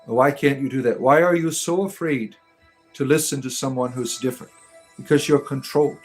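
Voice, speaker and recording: A man chats through a casual livestream in a voice of average pitch, loose and rambling, with filler words everywhere. He teases his viewers as he talks to them. Faint music plays quietly in the background. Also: moderate pace. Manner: rambling, teasing, many fillers. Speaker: livestream host.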